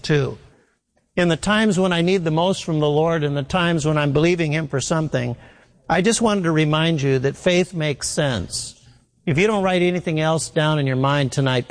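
Earnest man preaching in a reverberant hall. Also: a little high. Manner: earnest, repeats key phrases, stumbles on words. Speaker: pastor. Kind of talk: sermon.

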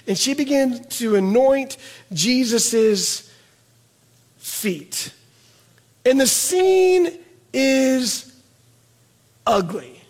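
High-voiced man preaching. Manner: conversational, repeats words for emphasis, slows down on key words. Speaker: pastor. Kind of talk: sermon.

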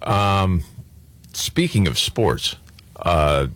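A man hosting a talk radio show, bantering in a lively, joking way with his co-hosts. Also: low-pitched, drawn-out words, no room sound. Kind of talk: casual talk radio chat.

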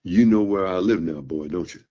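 A man voicing a stern old one-eyed male blues master who talks in a gruff, teasing way. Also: low voice, normal speed, dark tone. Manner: gruff, teasing, calls the listener boy. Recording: dull, muffled recording.

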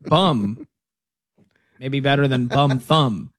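A man's voice: a little high, normal speed, fairly bright tone, dry recording, clean studio sound. A man co-hosting a sports betting radio show, joking and bantering casually. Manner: jokey, playful.

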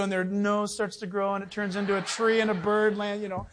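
A man's voice: sits high, level tone, fast talker. A man preaching a sermon from the pulpit. He speaks emphatically and conversationally, firing rhetorical questions at his listeners and slipping into joking asides. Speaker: pastor.

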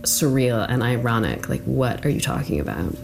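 A woman in her thirties recounting a personal ordeal in an interview, halting and full of "like". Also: a bass voice, animated, vocal fry, background noise. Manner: halting, lots of "like", quoting others in small voices.

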